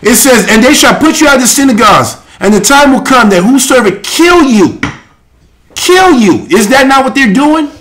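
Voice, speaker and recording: A high-pitched man preaching on a live show, his voice leaping up and down in wide swings. He reads scripture and comments with fervent intensity, often rising to a shout. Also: animated, moderate pace, a little hiss or hum. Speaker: host and preacher. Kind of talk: impassioned live-show preaching and Bible reading.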